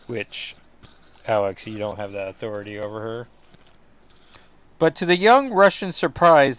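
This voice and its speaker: A man's voice: mid-range voice, fairly bright tone. A man hosting a comic book podcast, giving casual, rambling commentary with jokey asides.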